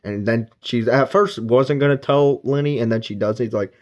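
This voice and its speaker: At a normal pace, a man with a mid-range, slightly mellow voice chats through a book review. He recaps the story in a rambling way with plenty of fillers, occasionally performing a character's lines.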